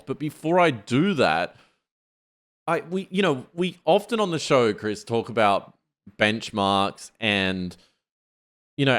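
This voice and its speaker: Brief: male podcast co-host, mid pitch, easygoing filler-heavy chat. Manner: loose, filler-heavy, uses "like" a lot. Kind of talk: casual tech podcast chat.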